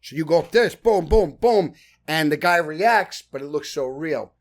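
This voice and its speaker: Animated Brooklyn man telling stories. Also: a little high, unhurried. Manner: blunt and profane, acts out scenes. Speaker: guest actor. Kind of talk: animated storytelling.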